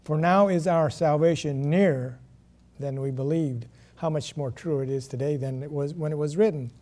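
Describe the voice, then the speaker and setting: A man preaching a sermon, reading scripture and stressing key words with pauses. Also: a little high, mellow. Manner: slow, emphatic preaching with pauses and self-corrections.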